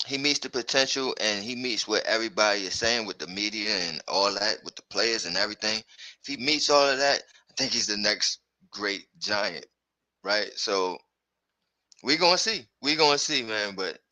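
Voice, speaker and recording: Bright-voiced, excitable sports podcast host. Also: male voice, on the low side, no room sound, poor audio. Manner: loose, excitable, slangy, lots of fillers. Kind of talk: casual sports chat.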